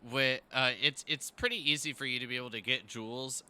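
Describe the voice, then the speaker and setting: Game master, male, crisp bright voice, hesitant filler-heavy delivery over a voice call. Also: mid-range voice, a little fast. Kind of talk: running a tabletop game over voice chat.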